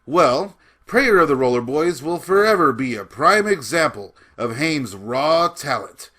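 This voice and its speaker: A man's voice: on the high side, expressive, a little slow, sharp tone. A man giving casual film commentary with enthusiasm, often laughing as he talks. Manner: enthusiastic, laughs while talking.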